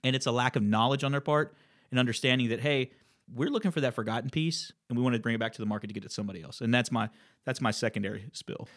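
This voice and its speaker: A man's voice: medium pitch, very fast, fairly bright tone, no room sound, studio quality. A man telling stories from his land-buying business in a casual conversation. He acts out phone calls as he tells them. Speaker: land investor guest.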